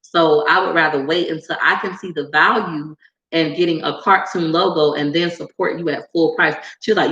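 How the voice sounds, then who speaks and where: A woman YouTuber in casual, sassy talk with viewers, animated and quick to put on voices when she quotes people. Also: reverberant, dull audio. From United States. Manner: animated and sassy, jumps into high squeals when acting out others. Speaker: YouTuber answering viewer comments. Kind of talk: casual chat to camera.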